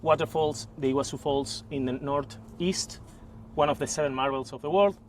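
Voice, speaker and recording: A man from Argentina who speaks English as a second language with an Argentine Spanish accent, chatting lively as a podcast guest, laughing often and searching for words. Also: on the high side, normal speed, slight background noise. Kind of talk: casual chat.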